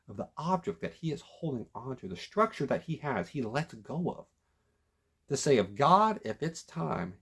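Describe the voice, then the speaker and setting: Male reviewer, casual and emphatic, husky voice, very lively intonation. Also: medium pitch. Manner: animated, emphatic, frequent restarts. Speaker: documentary reviewer. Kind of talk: casual commentary retelling a story.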